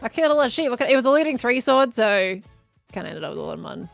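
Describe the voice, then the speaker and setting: A woman's voice: a little high, sing-song, very fast, gravelly, faint music behind. A woman with an Australian accent chatting casually with a friend while gaming, playful and laughing often. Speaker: streamer.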